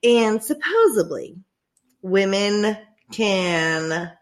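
A young woman telling a story in casual chat, animated, swearing freely and often laughing. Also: mid-range voice, very slow.

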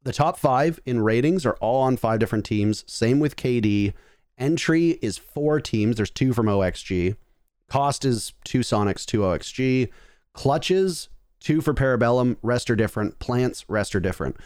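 Profane, animated man talking esports. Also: mid-range voice, normal speed, clean tone, no echo, studio quality. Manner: animated, profane, acts out players' voices. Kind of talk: casual esports chat.

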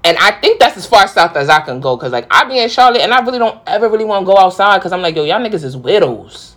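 A woman's voice: mid-range voice, lively intonation, very fast, a bit bright. A young woman from the Bronx with a thick New York accent, hosting a casual solo podcast in a slangy, rowdy way. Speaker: podcast host.

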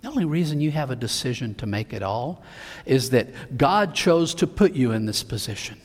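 Dramatic preacher in an echoing hall. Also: male voice, mid-range voice, lively intonation, normal speed. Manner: dramatic, acts out the Bible figures' speech, swings between soft and loud. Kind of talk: sermon.

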